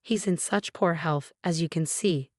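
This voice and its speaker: Pushy older mother-in-law, guilt-trippy, low dry voice, read by a woman. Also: unhurried, no echo. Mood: coaxing. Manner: wheedling, then indignant.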